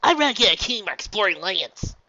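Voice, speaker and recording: Narrator doing a pushy tomboy pony kid, bouncy high voice, muffled audio. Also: big pitch swings, fast talker, bright, forceful tone, slight background noise, exaggerated voice. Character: bold brash tomboy pony filly.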